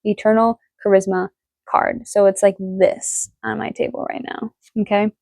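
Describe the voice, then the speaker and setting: A woman giving a casual tarot reading, excitable and emotional, swearing freely as she talks. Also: medium pitch, normal speed, gravelly, no room sound. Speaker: tarot reader.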